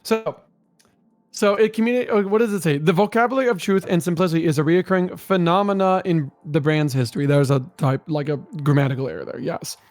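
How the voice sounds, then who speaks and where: A man's voice: on the high side, fast talker, darkish tone, dry recording. A man co-hosting a stream, chatting and joking in a playful, giggly way. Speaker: co-host of a stream reading a document. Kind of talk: casual joking stream chat.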